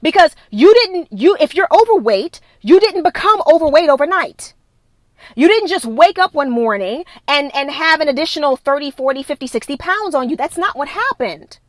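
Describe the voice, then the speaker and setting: Speaking at a moderate pace, a woman with a high, expressive voice delivers a live-streamed motivational talk into her phone, with no echo on the audio. A wellness coach, she repeats herself emphatically and presses every point with preachy insistence.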